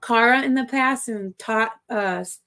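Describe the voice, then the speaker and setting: A woman with a Midwestern American accent hosting a podcast, chatting in an excited, rambling way and correcting herself as she goes. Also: fairly high pitch, unhurried. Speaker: podcast host. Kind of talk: casual chat.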